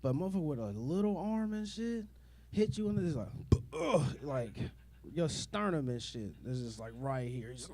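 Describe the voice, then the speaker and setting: A man's voice: on the high side, animated, normal speed, darkish tone. A young man doing a rambling, profane stand-up comedy set, full of fillers and asides to the crowd.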